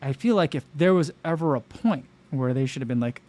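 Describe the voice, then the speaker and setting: An American man hosting a casual livestream, talking in a rambling, animated way with lots of fillers and restarts. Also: medium pitch, brisk, few pauses. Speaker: livestream host.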